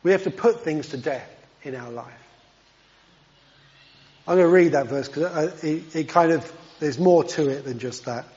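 A man's voice: on the high side, measured pace, long pauses, darkish tone. A man preaching a sermon in an earnest way, with self-deprecating asides. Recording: dull sound with long hall reverb.

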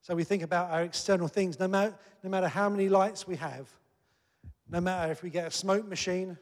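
Earnest preacher in a reverberant hall. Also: male voice, high voice, steady tone, brisk. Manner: earnest, conversational preaching that rises to emphatic peaks. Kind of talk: sermon.

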